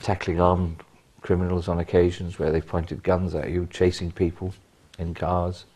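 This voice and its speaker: An older man, a retired police officer, telling animated stories in an interview with bursts of emphasis. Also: sits low, normal speed, slightly rough. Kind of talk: anecdotal interview.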